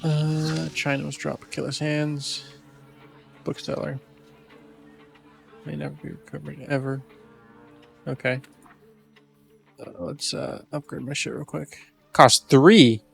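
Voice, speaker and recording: A man's voice: on the high side, little pitch movement, takes it slowly, vocal fry, pauses often, a bit bright, soft background music. A man casually commenting on a game he is playing, wisecracking and swearing freely. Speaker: let's play streamer.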